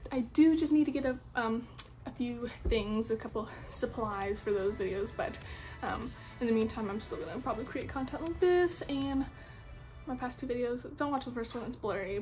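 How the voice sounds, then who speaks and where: A woman's voice: fairly high pitch, darkish tone. A young woman with a sick, stuffy voice, chatting casually while doing her makeup. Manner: chatty, self-deprecating, rambling. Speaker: beauty vlogger. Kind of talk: casual makeup tutorial chat.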